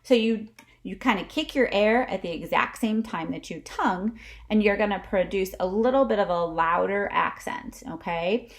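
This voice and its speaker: A woman's voice: medium pitch, normal speed. A woman teaching a music lesson to camera, chatty and often checking in with "okay?", demonstrating breath kicks with short huffs. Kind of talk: instrumental lesson video.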